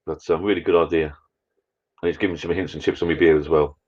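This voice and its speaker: A man's voice: very deep voice, steady tone, quick pace, darkish tone, dull audio. A man rambling through a casual live-stream chat from his garden bar, talking to viewers in a matey way. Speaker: vlogger hosting a live chat.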